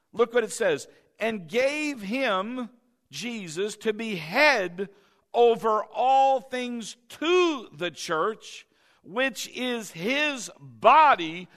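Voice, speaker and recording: A man preaching a sermon, reading scripture slowly and having the congregation repeat his phrases back to him. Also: sits high, a bit bright. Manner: reads scripture slowly and emphatically. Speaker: pastor.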